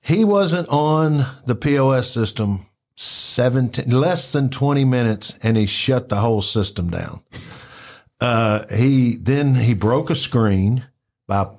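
A man spins loose, rambling stories in a relaxed chat. He stops often on fillers and slips into quick acted-out quotes. His pitch sits in the middle. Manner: rambling, animated, acts out quotes with filler words. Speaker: storyteller recalling work at a club. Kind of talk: casual storytelling chat.

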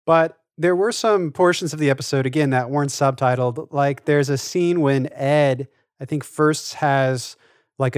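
A man's voice: mid-range voice, no echo, clean studio sound. A man co-hosting a podcast, thinking aloud in rambling casual chat. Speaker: podcast co-host.

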